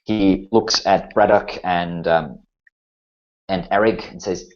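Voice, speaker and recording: A man narrating a tabletop game as game master, measured and relaxed, with occasional fillers. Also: deep voice. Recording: muffled lo-fi recording.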